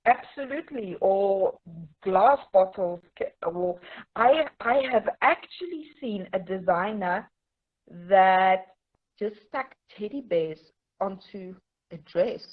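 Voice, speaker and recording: A woman's voice: mid-range voice, expressive, slow pace, narrow, tinny audio. A young woman, a fashion designer guest, chatting in an amused, easygoing way. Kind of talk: casual chat.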